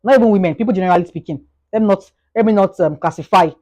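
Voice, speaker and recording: A woman with a Nigerian accent giving a motivational talk as a vlogger, talking fast, animated, and often repeating and restarting words. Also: medium pitch, muffled recording.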